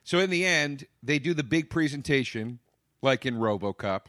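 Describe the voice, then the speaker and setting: A man's voice: medium pitch, lively intonation, moderate pace, a bit bright, no echo. Podcast guy picking a movie apart, swears a lot, sarcastic, dry close sound. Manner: blunt, profane, sarcastic. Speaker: podcast co-host reviewing movies. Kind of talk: casual chat.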